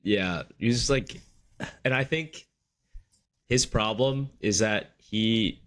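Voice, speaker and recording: Young man podcast co-host, lowish voice. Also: takes it slowly, long pauses, fairly bright tone. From Midwestern United States. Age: 20s. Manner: loose, hedging, full of "like" fillers. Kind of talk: casual chat.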